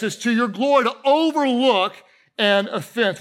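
A middle-aged man, a pastor, preaching a sermon to a church congregation with animated storytelling and humorous asides. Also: high-pitched, a little fast. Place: church auditorium with a live congregation.

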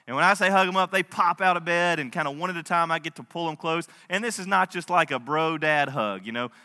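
A man in his thirties, a pastor, preaching a sermon, moving between soft storytelling and impassioned delivery. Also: a little high, a little fast. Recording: long hall reverb.

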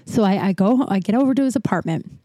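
A woman's voice: mid-range voice, lively intonation, warm tone, dry recording. A woman hosting a podcast, telling a personal story frankly and with swearing, often stopping and restarting. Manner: frank and profane, halting with restarts. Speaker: podcast host. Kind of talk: candid storytelling monologue.

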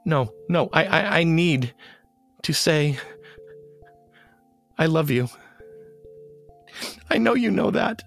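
A man narrating his own story in a halting, emotional way, stammering and repeating words. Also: high-pitched, gravelly. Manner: emotional and urgent. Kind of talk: scripted memoir narration.

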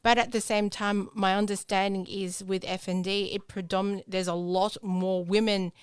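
A woman's voice: mid-range voice, little pitch movement, normal speed, clean tone, dry recording. An Australian woman hosting a podcast in casual, chatty talk, filling her sentences with "um" and "you know". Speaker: podcast host.

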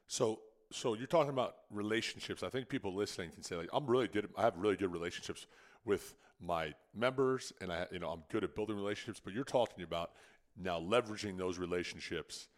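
A man with a fairly low voice co-hosts a podcast at a quick clip. He asks his partner questions in a relaxed, chatty way. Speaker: podcast co-host. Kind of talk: casual podcast chat.

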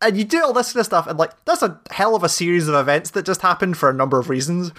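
A man in casual podcast chat about a game, talking animatedly with lots of swearing, acting out the scenes he describes in quick voices. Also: high voice, expressive, fairly bright tone. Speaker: podcast co-host.

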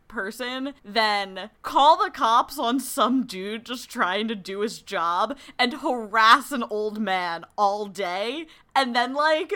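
A woman's voice: a little high, expressive, slow, few pauses, sharp tone. A young woman in casual film chat, making wry, joking asides about the story and laughing along.

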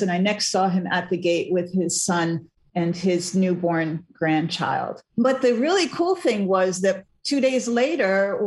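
Casting: older woman, talk-show guest, chatty storyteller, mid-pitch voice. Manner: animated storyteller, laughs mid-sentence. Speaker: guest author. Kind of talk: casual interview conversation.

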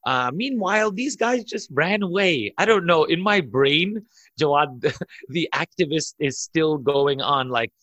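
Bright-voiced man telling a story excitedly. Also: on the high side, no room sound. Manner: excitable, laughs through his story, rushes in bursts. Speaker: imam and podcast guest. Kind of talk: animated storytelling in a podcast chat.

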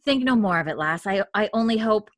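A woman's voice: medium pitch, expressive, fairly quick, no room sound, close to an everyday voice. Jealous scheming Scottish shrew in a put-on brogue, a woman reading her, dry close sound. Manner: mock old-fashioned Scottish brogue.

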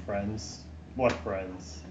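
A man's voice: lowish voice, fairly even intonation, drawn-out words, darkish tone, far from the mic, a little hiss or hum. A man playing a tabletop game, speaking casually in and out of character. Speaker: player. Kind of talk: casual tabletop role-play. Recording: dull, echoey room.

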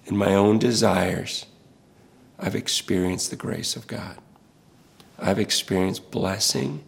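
A middle-aged male pastor preaches earnestly, impassioned and pleading, repeating words as he builds. His voice is on the low side, creaky, with a breathy edge.

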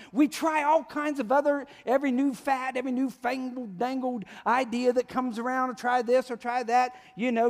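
A man's voice: very high-pitched, in a large hall. A man preaching a sermon as pastor, talking conversationally and often asking the congregation questions. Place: church sanctuary.

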